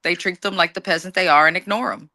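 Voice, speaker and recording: A woman's voice: on the low side, fairly even intonation, fast talker, pushed and bright. A woman co-hosting a casual reality TV recap, blunt and brash, swearing and laughing easily. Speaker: co-host.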